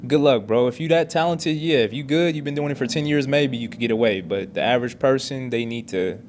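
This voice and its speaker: A man's voice: medium pitch, a little fast, slight background noise. A man in a casual podcast chat, talking in a laid-back, slangy way.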